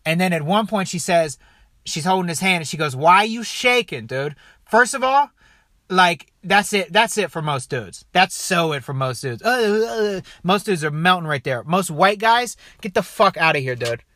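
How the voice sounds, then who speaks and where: Bright-voiced swearing commentary guy. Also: high-pitched, moderate pace, no echo, clean studio sound. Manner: animated, swearing, repeats "dude" and "okay". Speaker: commentator reacting to a clip. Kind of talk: profane casual commentary.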